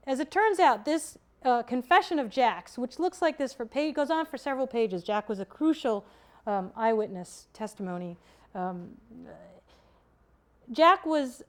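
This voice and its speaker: Woman historian lecturing, halting delivery. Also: fairly high pitch. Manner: halting, self-correcting, many restarts; thoughtful, explanatory. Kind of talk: academic lecture.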